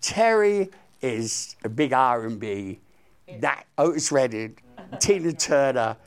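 Animated older musician, storytelling. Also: male voice, medium pitch, slow pace. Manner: animated, excitable anecdote telling. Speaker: guest musician. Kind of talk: storytelling interview.

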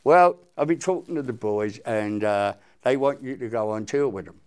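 A man's voice: mid-range voice, normal speed, darkish tone, clear, resonant tone, natural voice. A man doing an offhand, unflappable roadie. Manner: offhand, matter-of-fact.

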